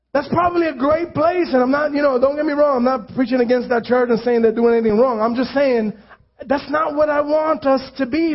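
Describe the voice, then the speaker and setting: A man with a high voice delivers a conversational sermon as a pastor. He drives points home by repeating phrases and drops in self-deprecating asides. The recording sounds dull and lo-fi.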